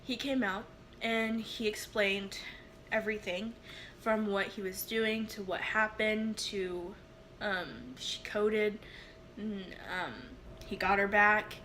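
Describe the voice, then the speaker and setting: A young woman vlogger telling a personal story in a halting, emotional way, with many fillers and restarts. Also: mid-range voice, steady tone, bright, forceful tone, a little hiss or hum.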